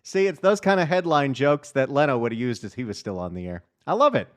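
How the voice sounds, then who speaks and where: A man's voice: medium pitch, big pitch swings, quick pace. A middle-aged man hosting a call-in talk radio show, chatty and upbeat as he takes calls. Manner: upbeat, chatty, reads the phone number often. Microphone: studio microphone.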